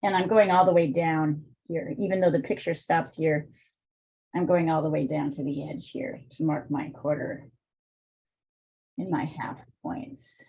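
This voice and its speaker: A woman's voice: low-pitched, steady tone, unhurried, warm tone, slightly rough, highs cut off. A woman art teacher with a weak, strained voice, chatting and thinking aloud while she demonstrates drawing in a live online class, with plenty of fillers.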